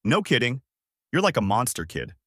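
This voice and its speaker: A man's voice: medium pitch, wildly swooping pitch, moderate pace, fairly bright tone, no room sound, clean studio sound, full character voice. A man voicing an impatient, bossy young woman adventurer in a fan-made story reading. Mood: snippy. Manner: snappy and sarcastic.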